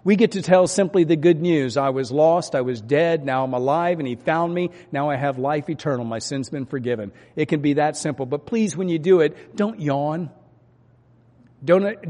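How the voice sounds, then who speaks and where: A man preaching a sermon from the pulpit, swinging between loud urging and quiet earnest asides. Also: on the high side. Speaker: pastor. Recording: long hall reverb.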